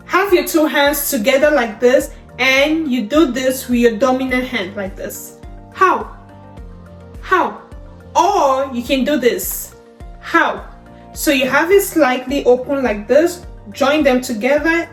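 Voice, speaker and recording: A woman with a high voice teaches signs slowly and patiently, saying each word aloud and then walking through the hand movements. Her voice bounces around an echoey room. Faint music plays underneath. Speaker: sign language teacher. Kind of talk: step-by-step instruction.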